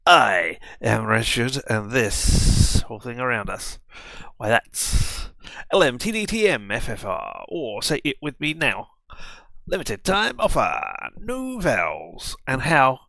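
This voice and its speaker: A man's voice: medium pitch, expressive, unhurried, creaky, sharp tone, dry recording. A man hosting a casual let's play video, commenting on a game in a rambling, self-mocking way.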